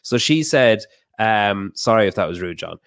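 A man talking as a podcast guest, telling a heated story fast and swearing often. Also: fairly low pitch, animated, gravelly, a bit bright, clean tone, no room sound. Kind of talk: casual podcast chat.

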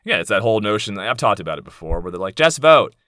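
A man's voice: lowish voice, racing, bright, forceful tone, dry recording, studio quality. A man in his thirties hosting a podcast in a casual monologue, speaking candidly and bluntly, swearing freely and wandering into asides. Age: 30s. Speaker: podcast host.

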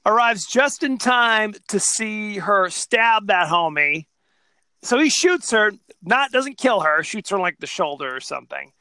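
A man co-hosting a podcast in casual chat, animated and laughing as he retells scenes. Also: high-pitched, measured pace, clear, resonant tone, no room sound. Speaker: podcast co-host.

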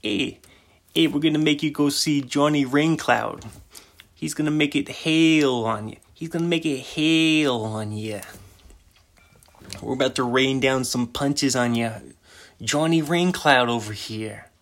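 A man's voice: medium pitch, measured pace, gravelly, fairly bright tone. A man putting on the voice of a boastful Italian-American mobster, swaggering and repeating himself in street grammar. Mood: menacing. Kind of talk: improvised comic impression.

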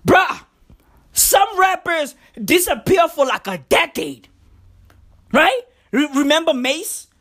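Lively, slow-talking woman ranting profanely. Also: high-pitched. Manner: rambling, profane, repeats slang address "bruv". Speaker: podcast host. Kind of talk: freestyle comedic podcast monologue.

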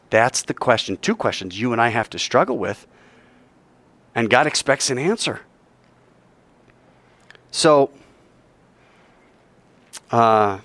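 A man's voice: medium pitch, dry recording. A man giving a sermon to students, telling a story in a conversational way and asking his listeners questions. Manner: lively, conversational, asks the audience questions. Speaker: speaker at a school chapel.

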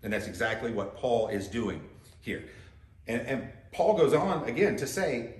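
A man's voice: mid-range voice, big pitch swings, measured pace, echoey room. A man preaching a sermon as pastor, talking conversationally and putting direct questions to his listeners.

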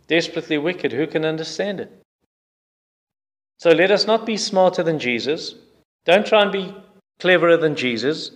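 Man preaching, fairly high voice, earnest and emphatic. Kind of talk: sermon.

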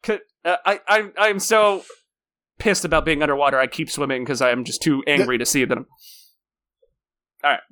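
A man playing a tabletop game, joking and animated as he describes his character's moves. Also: fairly high pitch. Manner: animated, joking, quick to laugh. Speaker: player. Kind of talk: casual tabletop game chat.

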